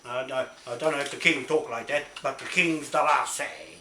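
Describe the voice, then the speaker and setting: Nz guy ranting angrily at the camera, swearing, keeps saying right?, sharp voice, echoey room. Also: medium pitch, animated, normal speed. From New Zealand. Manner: angry, profane, repetitive, keeps asking "right?". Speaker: self-recorded complainant. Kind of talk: ranting self-made video. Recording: echoey room with faint noise.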